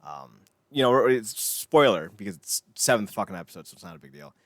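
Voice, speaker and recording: A man with a lowish voice talking casually on a podcast, rambling between points and swearing freely. He often trails off into quiet mumbles. The sound is dry and close. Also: sing-song, brisk, no room sound. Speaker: podcast co-host.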